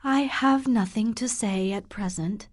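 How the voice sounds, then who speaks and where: A woman voicing a shy, troubled young woman in love, speaking quietly and subdued in an audiobook. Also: medium pitch, unhurried, lightly acted.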